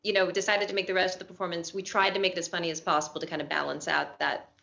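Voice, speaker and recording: A woman's voice: on the low side, little pitch movement, rapid-fire, creaky, pushed and bright, highs cut off. A woman in her thirties, a talk show guest, chatting in a bubbly, self-deprecating way and laughing often. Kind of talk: late-night talk show chat.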